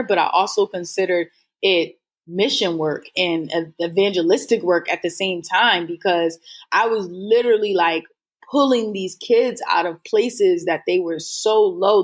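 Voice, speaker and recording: A woman guest telling her story in a casual interview, earnest and rambling with lots of fillers. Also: fairly low pitch. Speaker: guest entrepreneur.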